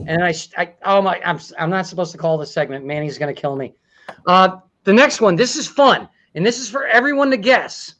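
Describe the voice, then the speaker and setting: A man's voice: high-pitched, a little fast, a bit bright. A man hosting a comedy talk show, joking and laughing through his running commentary.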